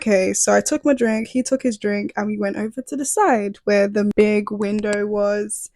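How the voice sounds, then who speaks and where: Young woman, storytime vlogger, gravelly voice, dry close mic, acts out the dialogue. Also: mid-range voice, no echo. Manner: animated retelling, acts out both sides of the dialogue. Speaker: YouTuber. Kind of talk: storytime vlog.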